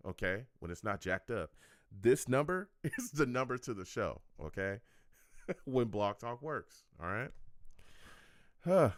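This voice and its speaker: A low-pitched man hosts his own fan sports show, and his voice swings widely up and down as he talks. He keeps asking his listeners "okay?" and "all right?" and keeps the tone joking and animated. The sound is close and dry, with little room in it. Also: no room sound. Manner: animated, repeats himself, tags lines with "okay?" and "all right?"; joking and laughing at his chat. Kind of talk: casual call-in show wrap-up.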